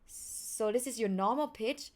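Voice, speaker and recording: A young woman with a Thai accent teaching pronunciation, acting out sounds with big swings in pitch. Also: a little slow. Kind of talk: pronunciation lesson.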